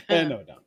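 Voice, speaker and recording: A man hosting a livestream in casual chat, joking and laughing often. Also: dry recording. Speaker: livestream host.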